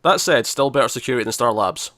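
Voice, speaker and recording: A man co-hosts a casual podcast chat at a middle pitch, rambling through his points. He restarts his sentences often and laughs easily. The mic is dry and close. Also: expressive, quick pace, fairly bright tone, no echo. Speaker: podcast co-host.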